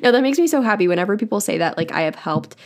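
A woman's voice: medium pitch, lively intonation, racing. A young woman hosting her own podcast, chatting casually and bubbly as she reads out listener comments. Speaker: podcast host. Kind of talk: casual solo podcast chat.

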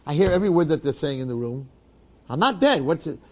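A man's voice: mid-range voice, expressive, fast talker, dark tone, husky. A man voicing a frantic young athlete. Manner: frantic, insistent, repeating himself. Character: panicked young man, aspiring basketball star.

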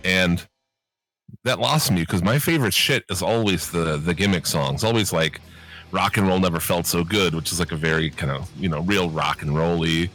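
A man co-hosts a casual podcast, talking in a low voice with a bright, forceful edge. He rambles, swears often, and leans on fillers. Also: moderate pace, soft background music. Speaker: podcast co-host. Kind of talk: casual chat.

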